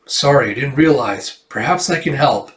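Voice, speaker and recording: A man voicing a mysterious old witch who speaks in a measured, solemn way. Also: mid-range voice, animated, a bit bright, roomy sound, recorded from a distance, natural voice. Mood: stern. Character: mysterious old witch woman, calm and stern.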